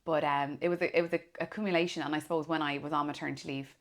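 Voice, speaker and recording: An Irish woman in her thirties, a former police officer, telling stories in a relaxed chat and acting out the voices of people she quotes. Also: low-pitched, very fast. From Ireland. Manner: animated storyteller, acts out quoted voices. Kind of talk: casual conversation.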